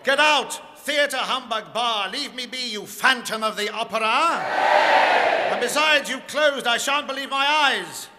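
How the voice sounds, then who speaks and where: A cranky old male miser bellows his complaints in a high, blustering voice, played by a man. He shouts indignantly throughout, and the whole live stage performance sounds roomy and echoey. Heavy background noise sits under every line. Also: expressive, measured pace, over a noisy crowd. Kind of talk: live comic verse performance.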